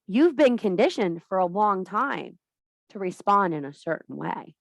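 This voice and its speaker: A woman's voice: mid-range voice, very animated, unhurried, creaky, no echo. A woman giving an impassioned, blunt and profane talk to a women's circle as a spiritual teacher. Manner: blunt, profane, emphatic preaching.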